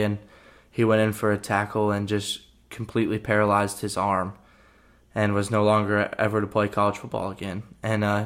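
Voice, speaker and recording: A young man, a college football player, telling a story on his podcast in a relaxed, rambling way, full of fillers. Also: on the low side. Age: young adult. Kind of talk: casual storytelling.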